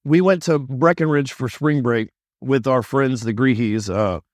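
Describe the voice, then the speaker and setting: A man's voice: mid-range voice, measured pace, no room sound, studio quality. A middle-aged man co-hosting a podcast, telling stories in a rambling, joking way. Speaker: podcast co-host. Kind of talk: casual chat.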